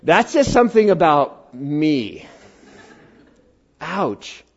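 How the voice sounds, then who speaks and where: A man's voice: a little high, big pitch swings, extremely slow, husky, lo-fi sound. A middle-aged man preaching a sermon in a church, talking conversationally, joking and bantering with the congregation and acting out quoted speakers in character voices. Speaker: pastor.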